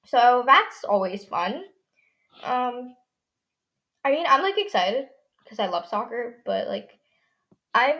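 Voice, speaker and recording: A woman's voice: mid-range voice, a bit bright. A teenage girl hosting her own podcast, talking casually and sarcastically with lots of fillers. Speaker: podcast host. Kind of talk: casual solo podcast chat.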